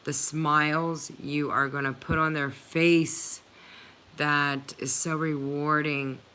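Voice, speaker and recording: A woman's voice: deep voice, flat delivery, slow, sharp tone, smooth. A woman hosting a livestream, chatting earnestly and emotionally with viewers, with many filler "likes". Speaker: channel host reading live chat.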